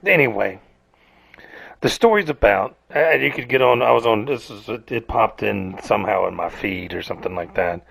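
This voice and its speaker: Rambling profane man with a gravelly voice. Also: fairly low pitch, lively intonation, moderate pace, fairly bright tone, no room sound. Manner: rambling, profane, self-mocking. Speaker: podcast host. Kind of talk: casual rant.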